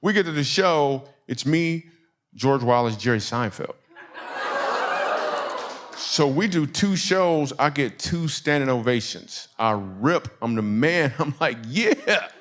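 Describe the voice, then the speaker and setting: A man from Michigan doing stand-up storytelling in a church, animated and conversational, laughing through his punchlines. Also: mid-range voice, slow. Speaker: comedian.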